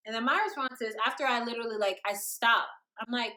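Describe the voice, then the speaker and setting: A young woman telling a storytime vlog story in an animated, dramatic, slangy way. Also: a little high, fast, hardly any pauses. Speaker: vlogger.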